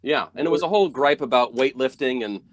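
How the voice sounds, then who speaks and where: A man's voice: mid-range voice, fast talker, a crowd in the background. A man in his thirties, a former radio personality, chatting as a podcast guest in a rambling, laid-back way. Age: 30s. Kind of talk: casual podcast conversation.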